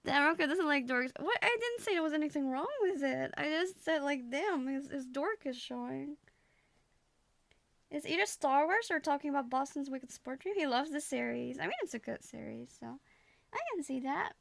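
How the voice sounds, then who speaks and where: Giggly high-voiced woman streamer. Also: expressive, normal speed, gravelly, a bit bright, dry recording. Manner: giggly, teasing, repeats words playfully. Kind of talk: live-stream reaction chat.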